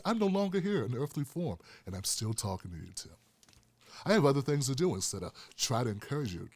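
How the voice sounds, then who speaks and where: A man imitating the ghost of an elderly male comedian, speaking low and hushed as he scolds wearily. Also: dry recording. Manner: low, hushed, drawn-out pleading.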